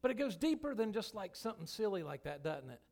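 A man's voice: sits high, sing-song, quick pace, a little mellow. A man, a pastor, preaching a sermon in church in a folksy, emphatic way with many restarts. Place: church sanctuary.

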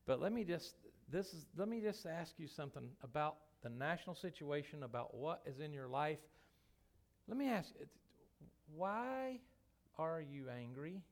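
Man, pastor, sermon, high voice, gravelly, folksy and emphatic, church. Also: animated, moderate pace. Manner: folksy, emphatic preaching with many restarts. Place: church sanctuary.

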